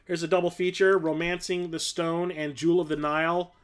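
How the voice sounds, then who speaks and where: A man's voice: on the high side, flat delivery, fairly quick, clean tone. Rambling enthusiastic man in his forties. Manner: rambling, filler-heavy, enthusiastic. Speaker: host. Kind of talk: casual livestream chat.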